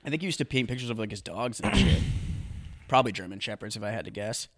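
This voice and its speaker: Deadpan young man with dry asides. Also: fairly low pitch, fast, dry recording. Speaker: podcast co-host. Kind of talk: casual comedic chat.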